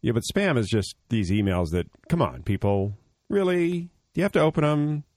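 A man's voice: on the low side, very animated, brisk, a little mellow, no room sound, studio quality. A man co-hosting a radio tech show, explaining things at length in a blunt, joking way. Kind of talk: casual radio tech talk.

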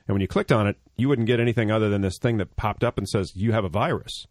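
A man's voice: fairly low pitch, fairly even intonation, rapid-fire, darkish tone, no echo, clean studio sound. A man co-hosting a radio tech show, explaining things at length in a blunt, joking way. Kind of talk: casual radio tech talk.

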